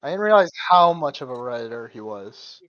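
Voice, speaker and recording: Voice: mid-range voice, very animated, fairly quick, dull audio. A podcast co-host in casual chat, flustered and insistent.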